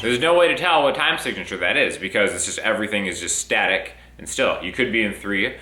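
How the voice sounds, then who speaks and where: Upbeat male guitar teacher, lowish voice. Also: animated, brisk, few pauses. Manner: upbeat, counts beats aloud while playing. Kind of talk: casual online guitar lesson. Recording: roomy with guitar playing.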